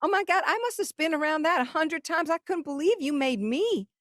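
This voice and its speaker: A woman's voice: sits high, expressive, a little fast, fairly bright tone, no room sound, clean studio sound, voice pushed up. A woman putting on the voice of an older country singer woman, gushing and effusive.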